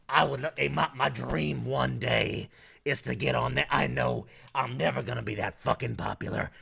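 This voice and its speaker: YouTuber, man from North Carolina, Southern accent, raspy fry-heavy voice, crude casual commentary. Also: mid-range voice, pushed and bright. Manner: crude, profane and blunt.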